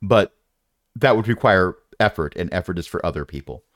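A man's voice: deep voice, expressive, normal speed, dry recording, studio quality. A man narrating a tabletop game as game master, with playful, rambling descriptions and asides.

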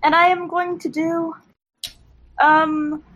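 A woman's voice: very high-pitched, little pitch movement, slow pace, a bit bright, poor audio. A woman playing a tabletop game, thinking aloud with frequent fillers. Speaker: player.

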